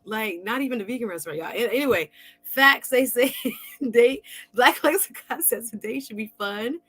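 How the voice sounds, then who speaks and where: A woman hosting a podcast in casual chat, expressive and chatty, with informal slang. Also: fairly high pitch, normal speed, husky. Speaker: podcast host.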